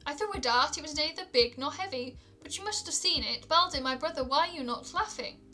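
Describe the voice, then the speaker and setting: A woman's voice: sits high, expressive, a little fast, bright, forceful tone. A woman voicing a blind young male god, wistful and plaintive, in a read-aloud myth.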